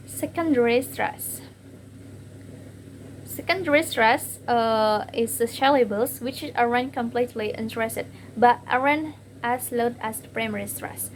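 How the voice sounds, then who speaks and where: A young woman with an Indonesian accent presents a class topic from her slides, her voice sitting a little high. She reads haltingly, often pausing on fillers and saying words twice. A faint hiss of noise runs under the recording. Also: low-quality recording. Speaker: student presenter.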